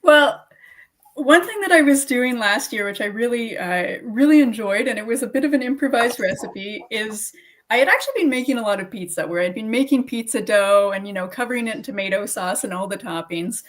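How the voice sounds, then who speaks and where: A woman's voice: a little high, animated, brisk. A woman on a panel over a video call, sharing a story with enthusiasm and a laugh in her voice. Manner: enthusiastic, laughs while talking. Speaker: gardening tutor, panelist. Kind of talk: storytelling, casual chat.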